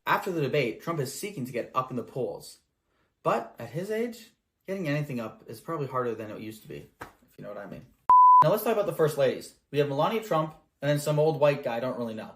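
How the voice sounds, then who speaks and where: A man's voice: on the high side, sing-song, fast talker, a bit bright. A man hosting a satirical comedy show, delivering a mock-earnest, sarcastic monologue.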